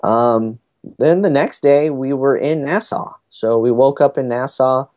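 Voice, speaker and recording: A man's voice: mid-range voice, measured pace, a little mellow. A man, chatting casually and rambling through a family story with many fillers. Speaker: podcast guest recounting a family cruise. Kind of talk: casual chat.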